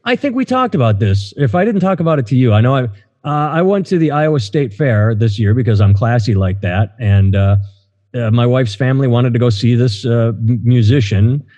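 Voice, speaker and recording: A man's voice: mid-range voice, lively intonation, fairly quick, dark tone. A middle-aged man hosting a casual podcast, rambling and hesitant with many fillers. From United States. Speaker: podcast host. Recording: dull, lo-fi, in a reverberant room.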